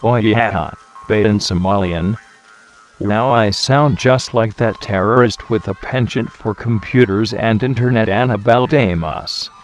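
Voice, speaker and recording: A man's voice: lowish voice, a little slow, faint music behind, natural voice. A man voicing a bumbling, giggly male terrorist leader parody in a silly put-on voice. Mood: pompous. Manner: silly put-on voice, keeps breaking into laughter.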